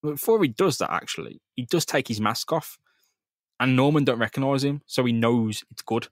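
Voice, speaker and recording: A man's voice: mid-range voice, lively intonation, fairly quick, no room sound, clean studio sound. A man co-hosting a casual comic-book podcast, recapping scenes animatedly, swearing freely and acting out the characters' lines. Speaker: podcast co-host.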